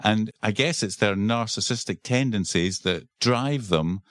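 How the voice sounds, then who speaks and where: A man's voice: fairly low pitch, measured pace, a bit bright, dry recording, clean studio sound. A Scottish man co-hosting a podcast in casual, wry, self-deprecating chat. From Scotland. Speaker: podcast co-host. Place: Edinburgh.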